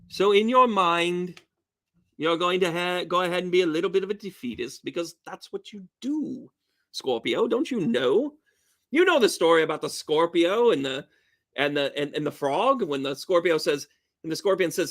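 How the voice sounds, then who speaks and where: High-voiced man, tarot reader, exuberant, jokey, blunt, casual swearing. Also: lively intonation, normal speed, fairly bright tone. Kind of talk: casual tarot reading video.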